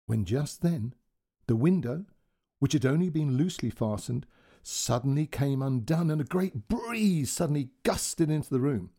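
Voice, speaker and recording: Mellow, husky male storyteller. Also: mid-range voice, normal speed. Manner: gentle, expressive. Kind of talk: scripted storybook narration.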